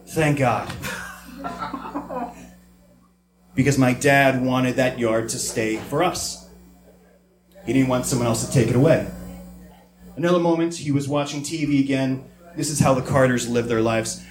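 A man's voice: mid-range voice, normal speed, roomy sound. A man telling a comic family story on stage before a live audience, acting out family voices.

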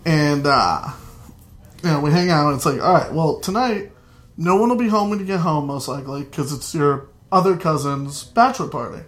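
A man's voice: on the high side, lively intonation, moderate pace, fairly bright tone. A young man telling a funny family story on stage, chatty and laughing at his own lines. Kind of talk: live comedic storytelling.

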